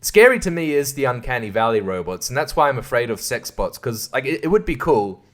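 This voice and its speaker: A young man hosting a solo podcast, rambling, swearing and laughing, sliding from mumbles into loud outbursts. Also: mid-range voice, sing-song, fairly quick. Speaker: podcast host.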